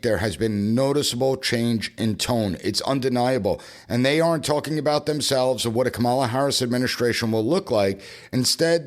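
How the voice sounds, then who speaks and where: A man hosting a political commentary podcast in an emphatic, punchy way, repeating phrases for effect. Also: mid-range voice. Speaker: podcast host and professor.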